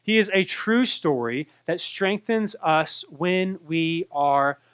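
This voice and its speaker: A man pastor preaching a sermon in a conversational, animated way, reading scripture aloud. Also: fairly high pitch, slow, smooth, dry recording.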